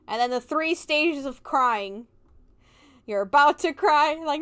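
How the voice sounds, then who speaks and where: A woman's voice: fairly high pitch, expressive, moderate pace, fairly bright tone, faint music behind. A young woman chatting casually on a livestream, bubbly and giggly, acting out little reactions. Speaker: vtuber streamer.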